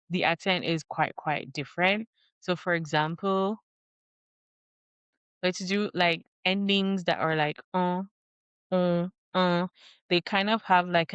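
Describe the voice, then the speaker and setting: A young woman talks to camera in a relaxed, rambling way, her low voice unhurried and full of fillers. Her tone is smooth and clear, recorded close with a dry, roomless sound. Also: dry recording. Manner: rambling, many fillers and restarts. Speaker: vlogger. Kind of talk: casual talking-head chat.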